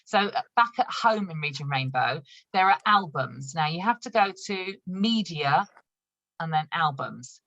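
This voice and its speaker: A woman's voice: sits low, expressive, measured pace, a bit bright, dry recording, highs cut off. A woman running an online training session for new consultants. She talks in a chatty, upbeat way, laughs often and shows products as she explains them. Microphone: video call.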